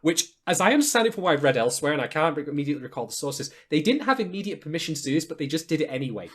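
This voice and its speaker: A man co-hosts a laid-back podcast. His talk is animated and full of emphatic, salty asides. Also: on the high side, rapid-fire, slightly rough. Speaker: podcast co-host. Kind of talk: casual podcast chat.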